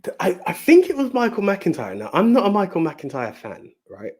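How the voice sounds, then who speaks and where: A man's voice: high-pitched, huge pitch swings, fairly quick, a little mellow, husky. A British man with a plain, unposh English accent, co-hosting a podcast in rambling casual chat. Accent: English, not posh. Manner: chatty, rambling, with restarts. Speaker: podcast co-host.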